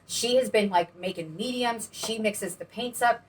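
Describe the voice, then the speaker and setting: A woman's voice: a little high, normal speed. Chatty bubbly woman co-hosting a painting demo. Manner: chatty, bubbly, rambling with restarts. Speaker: co-host of a painting channel. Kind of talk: casual chat while demonstrating paint pouring. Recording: distant mic with faint background noise.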